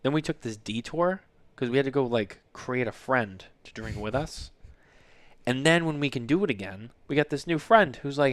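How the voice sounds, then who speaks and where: A man in his thirties hosts a relaxed podcast, spinning long, meandering anecdotes peppered with casual profanity. His voice sits at an ordinary middle pitch. The sound is dry and close, with no room around it. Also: normal speed, no echo. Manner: rambling storyteller, swears freely. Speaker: podcast host. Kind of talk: casual chat.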